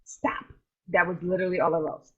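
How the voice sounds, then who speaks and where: A woman co-hosting a podcast, telling lively casual stories in slangy speech with a husky voice over a video call. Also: lowish voice, brisk, lo-fi sound. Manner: animated storyteller, colloquial, laughs easily. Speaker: podcast co-host. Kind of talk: casual chat.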